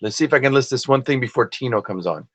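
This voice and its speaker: A man's voice: medium pitch, lively intonation, quick pace, a bit bright, no room sound. A man hosting a casual livestream while listing items for sale, rambling and self-deprecating as he chats with viewers. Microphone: desktop computer and phone.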